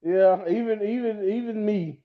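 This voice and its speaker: High-voiced, agreeable podcast co-host. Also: male voice, moderate pace. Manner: agreeable, laughs often, repeats words while starting sentences. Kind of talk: casual chat. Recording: slightly muffled lo-fi audio.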